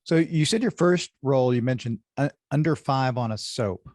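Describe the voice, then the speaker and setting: A man's voice: medium pitch, moderate pace, a little mellow, dry recording, studio quality. A man co-hosting a casual interview, agreeable and encouraging toward his guest. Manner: agreeable, encouraging, laughs along. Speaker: podcast co-host.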